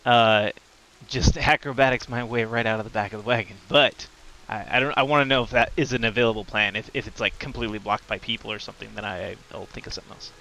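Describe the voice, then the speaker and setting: A man's voice: fairly low pitch, fairly even intonation, quick pace, gravelly, few pauses, bright, forceful tone, slight background noise, low-quality recording. Tentative male tabletop player. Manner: tentative, thinking aloud. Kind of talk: tabletop role-play, casual chat.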